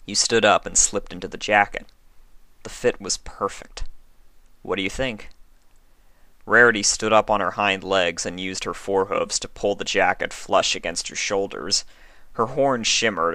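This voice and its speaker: A man narrating a story in audiobook style, calm and even. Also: deep voice, no room sound. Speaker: story reader.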